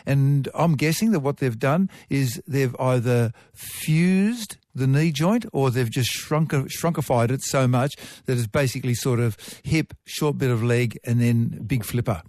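A man's voice: mid-range voice, unhurried, hardly any pauses, darkish tone, dry recording. A man answering listeners' science questions on call-in radio, rambling and correcting himself as he explains. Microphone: studio microphone.

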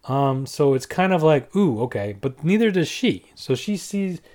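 A man's voice: a little high, expressive, unhurried, darkish tone. A man casually reviewing movies in a rambling, offhand way, full of fillers and restarts. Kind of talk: casual movie ranking talk.

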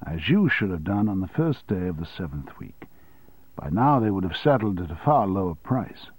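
A man reading an audiobook and voicing a calm, cautious male adviser who speaks in a measured way. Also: on the low side, no echo.

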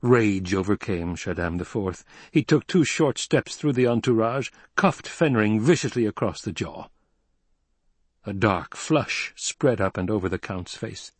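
A man narrating an audiobook in a steady, scripted reading. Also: fairly low pitch, measured pace, husky, dry recording.

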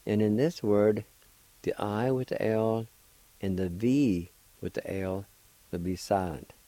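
A man hosting a radio language lesson, spelling out words letter by letter and repeating each pronunciation slowly and deliberately. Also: fairly low pitch, fairly even intonation, warm tone, no room sound, low-quality recording. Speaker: radio host teaching vocabulary.

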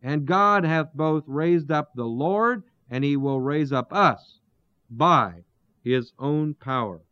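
Male bible teacher, slow and deliberate, slightly high voice, dull dry lo-fi recording. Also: bright, forceful tone, clean tone, no echo. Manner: deliberate, explains terms, asks rhetorical questions.

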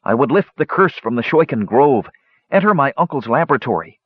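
Proud young mage, sneering and power-hungry, put on by a male narrator, lively pitch, dull lo-fi audio. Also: fairly quick, slightly rough, dry recording. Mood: haughty. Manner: sneering, haughty.

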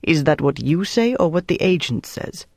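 A reader voicing a calculating German officer, speaking in a measured, coolly menacing way. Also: male voice, fairly high pitch, expressive, creaky, no echo, studio quality. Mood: cold, measured. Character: cold, calculating German officer interrogating a prisoner.

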